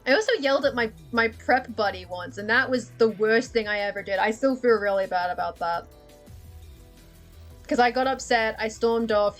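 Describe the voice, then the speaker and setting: A woman's voice: mid-range voice, a bit bright. A young woman, chatting candidly on a livestream, swearing freely and laughing often. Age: young adult. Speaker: livestream host. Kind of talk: casual livestream chat.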